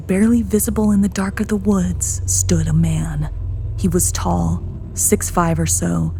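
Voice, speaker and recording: A woman narrating a first-person horror tale in a low, gravelly voice. She keeps the telling hushed and tense. Soft music plays beneath her.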